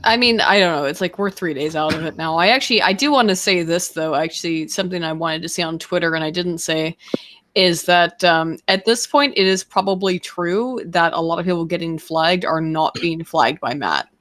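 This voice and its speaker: Woman, stream co-host, tired strained voice, lower pitch, rambling profane chat. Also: moderate pace, a bit bright, slight background noise. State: strained, worn-out voice. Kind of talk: casual livestream chat.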